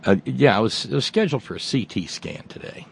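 A man's voice: on the low side, animated, fast, gravelly, a little hiss or hum. A middle-aged man hosting a radio show, telling a casual, rambling story with restarts and wry asides. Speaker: radio host. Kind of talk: casual monologue.

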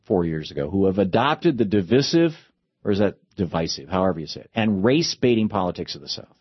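A man's voice: medium pitch, slightly rough, no room sound. A man delivering a political commentary monologue, impassioned and with sarcastic asides. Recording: dull lo-fi dry recording.

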